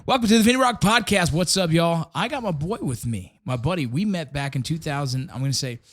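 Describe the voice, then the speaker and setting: A man's voice: on the high side, fairly quick. Easygoing man hosting a podcast. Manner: relaxed, swearing, laughing often. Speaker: podcast host. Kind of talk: casual chat with sponsor reads. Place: office.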